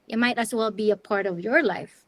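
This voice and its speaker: A middle-aged woman from the Philippines, telling her story as an interview guest in a chatty, animated way with lots of restarts. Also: medium pitch, moderate pace, dry recording. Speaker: interview guest, wedding planner and videographer.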